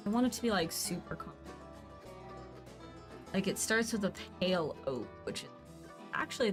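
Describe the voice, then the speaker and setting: Woman, 30s, streamer, casual gameplay chatter, bubbly, playful asides, mid-pitched voice, game music behind.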